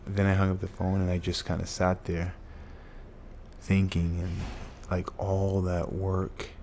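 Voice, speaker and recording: Guy with a really low voice, ex football player, earnest and emotional, keeps repeating himself. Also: monotone, unhurried, darkish tone, slight background noise. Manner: emotional, earnest, lots of repetition. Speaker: guest, former pro football player. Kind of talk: storytelling in an interview.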